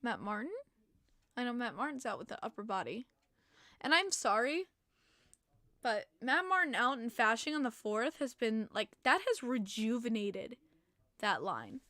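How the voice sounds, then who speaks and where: A young woman talks hockey on her stream, opinionated and chatty as she answers chat. Her voice sits fairly high and sounds a bit tired. The sound is close and dry, with no room echo. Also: big pitch swings, moderate pace, pauses often, pushed and bright. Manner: chatty, opinionated fan reading chat comments. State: tired, yawning. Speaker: podcast host. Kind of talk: casual live-stream chat about hockey.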